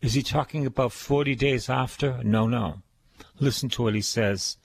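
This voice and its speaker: Older male preacher, unhurried, emphatic, repetitive delivery; middle pitch, dry recording. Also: creaky, husky, dry recording. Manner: slow, emphatic preaching with repeated phrases. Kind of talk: sermon.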